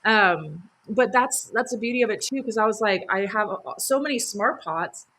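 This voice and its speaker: A woman hosts a live gardening stream from home, talking in an eager, chatty way full of little fillers and laughter. Her voice is bright and forward. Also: mid-range voice, expressive, moderate pace, a little hiss or hum. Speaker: gardening host. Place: home near a sunroom.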